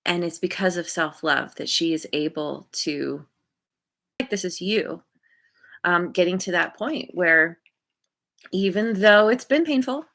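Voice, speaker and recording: A woman giving an intuitive tarot reading to her viewers, gentle and encouraging, often pausing to search for words. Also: fairly low pitch. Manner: encouraging, spiritual. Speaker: tarot card reader.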